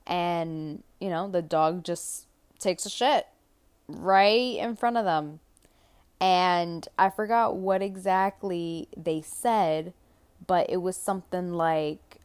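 A woman's voice: fairly low pitch, darkish tone. A young woman hosting a podcast, talking through a casual monologue that rambles, with many fillers and restarts and some casual swearing. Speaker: podcast host.

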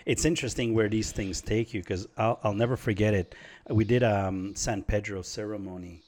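A man telling a story in casual podcast chat, animated and laid-back, often saying "man" and "like". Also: lowish voice, moderate pace.

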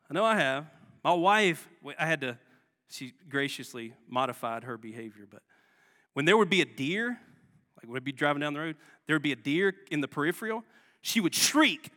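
Speaking a little fast with lively intonation, a man with a sharp, somewhat high voice preaches as guest pastor. His sermon is conversational and full of rhetorical questions for the congregation, captured with long reverb in a church sanctuary.

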